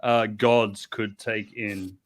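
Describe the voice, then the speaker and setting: A man's voice: fairly low pitch, little pitch movement, slow pace. Guy running a tabletop game, chatty, laughs at himself, lots of restarts. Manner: chatty, self-deprecating, many restarts. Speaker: game master.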